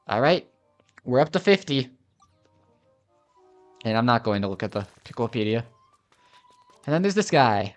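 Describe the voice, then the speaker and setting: A man's voice: mid-range voice, sing-song, moderate pace, pauses often, soft background music. A man casually commentating on a video game as a let's play host, chatty and easygoing.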